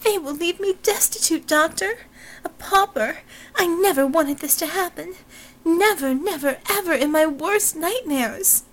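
Woman reader doing a cold, high-pitched society heiress with a prim, formal delivery. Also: expressive, a little slow, rough recording. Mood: distraught. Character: haughty young blonde heiress, cold and disdainful.

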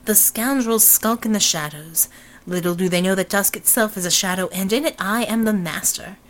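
Woman reader doing a courtly, melodramatic pulp-serial doctor, mid pitch. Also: normal speed, lightly acted, poor audio. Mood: grandiose. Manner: florid, old-fashioned, courtly. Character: theatrical pulp-hero male doctor, grandiose.

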